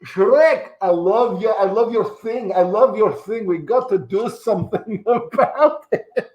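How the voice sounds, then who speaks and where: A man's voice: high-pitched, a little slow, a little mellow. A man playing a rambling, self-important actor who claims to be Shrek, his fake accent slipping between Scottish and Australian, heard over an echoey video call. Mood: boastful.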